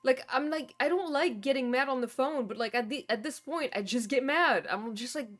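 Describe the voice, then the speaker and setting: A woman's voice: high voice, moderate pace, a bit bright. A young woman streamer in casual chat, venting in long rambling runs full of fillers and swearing. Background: faint background music.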